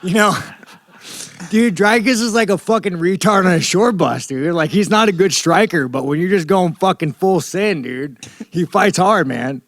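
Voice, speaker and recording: Brief: man in his thirties, fighter at a media scrum, profane and rambling, slightly high voice, dry sound. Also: moderate pace, dry recording.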